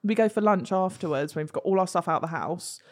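A woman's voice: fairly low pitch, a little fast. A young woman, telling a story in casual chat, swearing freely and acting out the voices of other people. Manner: animated, swears freely, acts out quoted voices. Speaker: guest.

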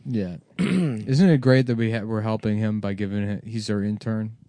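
A man co-hosting a podcast, chatting casually with dry deadpan asides. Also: on the low side, normal speed. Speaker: podcast co-host. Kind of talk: casual comedic chat.

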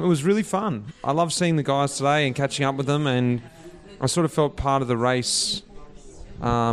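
An Australian man in relaxed, chatty conversation over a drink. He talks with easy enthusiasm at a mid-range pitch. It sounds like it was recorded at a table in a small restaurant. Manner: chatty, enthusiastic, laid-back. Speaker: retired pro cyclist turned podcast co-host. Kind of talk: casual chat over drinks.

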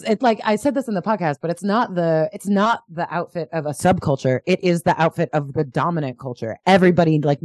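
A woman chatting casually as a podcast guest, animated and full of fillers. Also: lowish voice, dry recording. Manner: animated, lots of "like" fillers, bursts of excitement. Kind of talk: casual chat.

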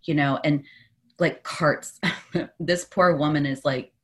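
A woman who is a podcast guest, telling personal stories in an animated way and laughing often. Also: sits low, takes it slowly. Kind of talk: conversational interview.

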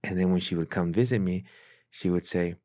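A pastor as a guest on a podcast, telling his life story in an earnest, casual way, dropping to a hush when he quotes what people said. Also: deep voice, a little fast, no echo, clean studio sound. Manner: earnest storyteller who acts out quoted dialogue in a hushed voice. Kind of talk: casual testimony in a podcast interview.

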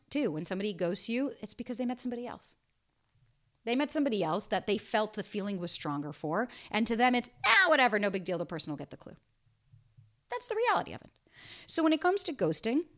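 Blunt, swearing woman podcast host. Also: a little high. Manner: blunt, emphatic, swears freely. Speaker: podcast host and dating coach. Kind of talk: casual solo podcast talk.

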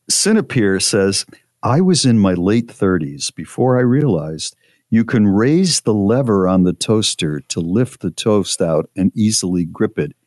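A man's voice: on the low side, darkish tone, no echo, clean studio sound. A man co-hosting a radio show, chatting casually and reading listener posts aloud in a rambling, self-deprecating way that stumbles over words.

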